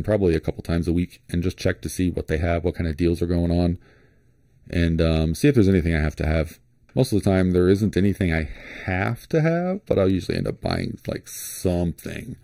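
A man vlogging about flashlights, thinking aloud in a relaxed, rambling way with many fillers and restarts. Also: deep voice, fairly quick, no room sound, studio quality. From Florida. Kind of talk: casual screen-share commentary.

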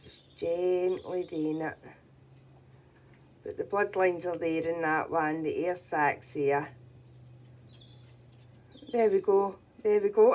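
Husky, slow-talking woman. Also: lowish voice. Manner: chatty, coos softly to her birds. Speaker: pigeon keeper. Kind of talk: casual vlog narration.

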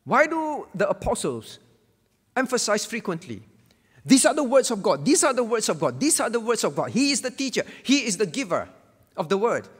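A man's voice: sits high, long reverb tail. A man pastor giving a Bible lesson sermon, emphatic and repeating key phrases to drive them home.

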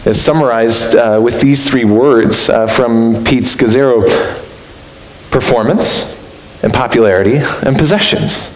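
A man preaching a sermon as pastor, earnest and reflective, lifting his voice high for emphasis. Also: measured pace. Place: church sanctuary. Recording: roomy echo with faint hiss.

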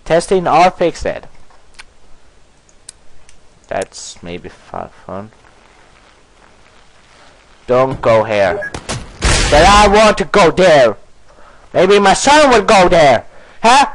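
A man giving let's-play commentary, excitable and playful, bursting into shouts and giggles in broken English. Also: medium pitch, slow pace, pauses often, slight background noise, poor audio. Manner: broken, ungrammatical English phrasing. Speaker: gaming commentator.

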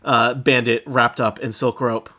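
Bright-voiced man running a tabletop game. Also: medium pitch. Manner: relaxed, halting with many fillers. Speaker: game master.

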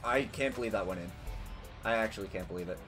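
Excitable young man commenting on gameplay. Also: fairly low pitch, quick pace, soft background music. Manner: excitable, swears, yells at big plays. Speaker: gaming youtuber.

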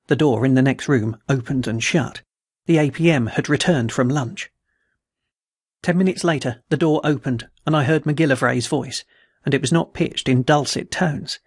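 A man hosting a podcast, reading adventure and dark stories aloud in a measured, steady way. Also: mid-range voice, breathy edge, no room sound, clean studio sound. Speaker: podcast story reader.

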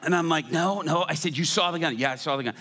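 A middle-aged male pastor telling a story from the pulpit in an animated way, acting out the people in it. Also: on the high side, racing, slight background noise. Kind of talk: sermon storytelling. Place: large church hall. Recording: church hall reverb.

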